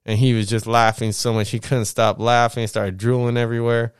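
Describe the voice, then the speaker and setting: A young American man rambles through a casual monologue, full of street slang and swearing. His voice comes through very smooth and clear. The sound is dry and close, with no room echo. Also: medium pitch, flat delivery, brisk. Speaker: vlogger.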